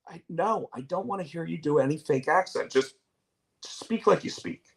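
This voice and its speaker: A man's voice: mid-range voice, normal speed, fairly bright tone. A man hosting a casual talk show, telling things in a rambling way and often restarting his sentences. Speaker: show host. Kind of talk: casual chat.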